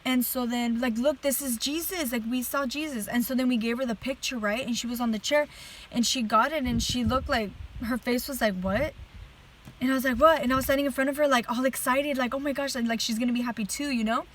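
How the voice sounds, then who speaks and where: A woman's voice: a little high, fast talker, slight background noise, rough recording. A woman telling a dream as a religious testimony in a casual, earnest way, full of "like" fillers. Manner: chatty, heavy use of "like" fillers; earnest and animated while retelling a dream. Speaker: person giving a religious testimony. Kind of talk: casual storytelling to camera.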